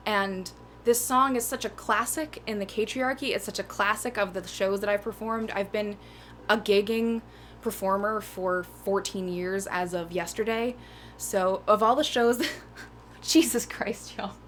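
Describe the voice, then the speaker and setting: A woman's voice: mid-range voice, steady tone, a little slow, slight background noise. A woman in her thirties hosting a live music stream, chatting casually between songs in a rambling, self-mocking way. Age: 30s. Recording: loud ukulele music behind the voice.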